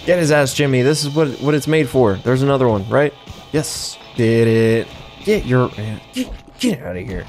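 A man's voice: medium pitch, lively intonation, normal speed, darkish tone, faint music behind. A young man giving casual, sarcastic gameplay commentary, swearing freely and chuckling to himself.

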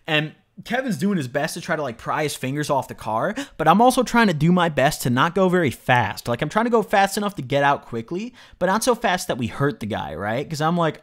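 A man spinning a casual storytime monologue, his voice swinging up and down with lots of lively pitch movement. He rambles, leaning on "like", "you know" and tag questions. He swears freely for emphasis. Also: normal speed. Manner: rambling, fills speech with "like", "you know" and "right?". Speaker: storyteller vlogger.

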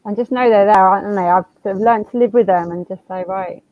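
A woman hosting a panel talk, friendly and quick to laugh. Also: medium pitch, no echo. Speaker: host, co-founder. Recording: tinny phone-like line, dry.

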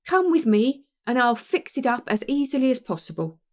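A woman reading an audiobook, voicing a glib young male clerk who talks briskly and smoothly. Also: on the high side, very animated, darkish tone, voice pushed up. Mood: eager.

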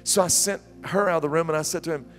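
A middle-aged man preaching a sermon as pastor, telling stories with repeated questions that swing from near-whispers to loud, high climbs. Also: fast talker, in a large hall, soft background music. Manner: animated storytelling preacher, repeating questions, sudden soft drops and loud climbs.

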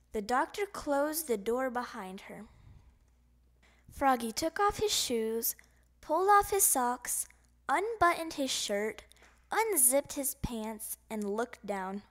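A woman narrating a children's picture book in an expressive, sing-song way. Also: fairly high pitch, slow. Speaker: storybook narrator. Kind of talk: children's audiobook reading.

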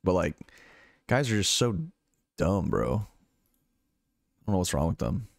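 Lively low-voiced male streamer. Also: slow, creaky, no room sound, clean studio sound. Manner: relaxed, swears freely, answers viewers' questions. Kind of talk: casual chat reading out live chat.

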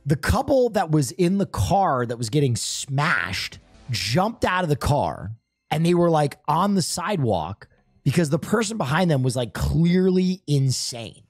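A male streamer telling a story in casual chat, animated and profane, acting out sounds. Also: fairly high pitch, a little slow, breathy edge, no room sound.

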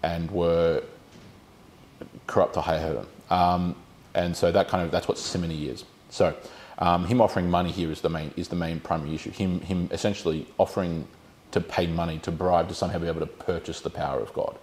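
A man's voice: sits low, steady tone, brisk, darkish tone. A man leading a Bible study, explaining the text and putting questions to his group.

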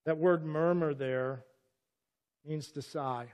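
A man's voice: fairly high pitch, steady tone, a little slow, a little mellow. A middle-aged man preaching a sermon as pastor, earnest and emphatic, often cutting in with "listen" to press a point. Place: church sanctuary. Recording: long church reverb.

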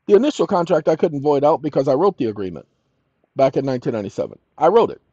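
A man's voice: a little high, animated, fast talker, mellow, dry recording. An older man telling a story as a channel host, emphatic and repeating his key lines. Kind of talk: storytelling monologue. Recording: dull lo-fi audio.

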